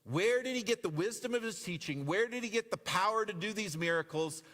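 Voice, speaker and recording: A man's voice: sits high, animated, brisk, a bit bright. Man preaching in a reverberant church. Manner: conversational, repeats his questions. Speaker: pastor. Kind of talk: sermon. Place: church sanctuary. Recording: long reverb of a church hall.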